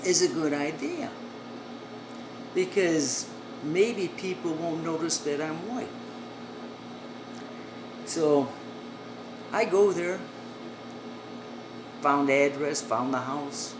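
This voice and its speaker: A woman telling a comic story in a brisk, animated way. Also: low voice. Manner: brisk, animated, acts out voices. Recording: echoey room, air-conditioning hum.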